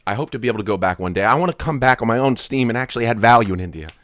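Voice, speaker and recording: Ranting man with a bright, lively voice. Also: mid-range voice, rapid-fire. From United States. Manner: indignant, ranting, swings from loud outbursts to quiet asides. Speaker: vlogger. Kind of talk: heated rant to camera.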